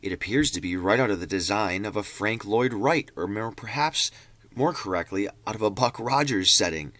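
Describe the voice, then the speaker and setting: A man reading a diary aloud in a theatrical way, even speaking the punctuation marks. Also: on the low side, normal speed, dry recording. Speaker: reader.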